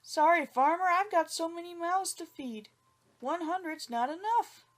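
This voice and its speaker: A woman's voice: very high-pitched, moderate pace, voice pushed up. A woman playing a sly young trickster. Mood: sly polite. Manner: polite, calm, sly. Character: poor, clever young male trickster.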